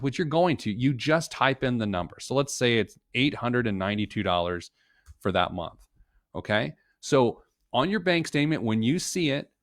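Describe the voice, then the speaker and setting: A man with a mid-range voice walks viewers through a budget in a casual live-stream tutorial. He is chatty and joking, with lots of quick asides and restarts. The sound is dry and close, as if from a computer mic at a home desk. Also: mid-range voice, fairly bright tone, no room sound. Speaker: financial planner teaching a live budgeting session.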